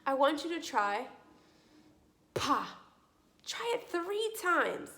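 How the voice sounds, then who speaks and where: High, lively-voiced woman teaching slowly. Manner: slow, clearly articulated, encouraging teacher talk with lively questions. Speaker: speech therapy teacher. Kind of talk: children's speech lesson.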